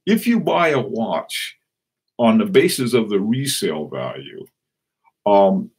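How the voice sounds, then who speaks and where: A man hosting a casual live stream, chatting and reading out viewer comments in a rambling, halting way with many restarts. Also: on the low side, very animated, a little mellow, husky. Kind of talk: casual live-stream chat about watches.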